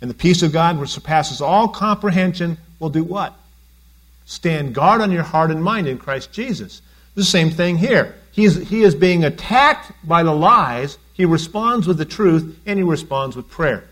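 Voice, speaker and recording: A man's voice: a little high, lively intonation, normal speed, a bit bright. A man preaching a conversational sermon as a pastor, often asking his congregation questions.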